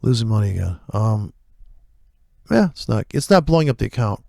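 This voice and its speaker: Gravelly, foul-mouthed male trader. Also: fairly low pitch, big pitch swings, a little fast, darkish tone, dry recording, studio quality. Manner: blunt, swears freely, rambling asides. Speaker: trader streaming live trades. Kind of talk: profane live trading commentary.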